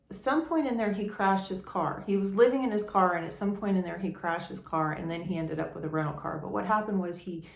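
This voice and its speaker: Young woman vlogger, low gravelly voice, rambling casual storyteller, echoey room. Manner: rambling, many restarts and fillers.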